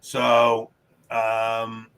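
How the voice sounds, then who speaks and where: A man with a Long Island New York accent hosting a casual trivia livestream from his home, upbeat and chatty, laughing often and tossing quick asides to the chat. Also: medium pitch, monotone, vocal fry, a bit bright. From New York, United States. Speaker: trivia show host.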